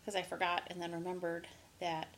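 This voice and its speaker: A woman's voice: lowish voice, monotone, a little fast, slight background noise. A woman co-hosting a podcast in casual chat, talkative, laughing often and swearing freely. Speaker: podcast co-host.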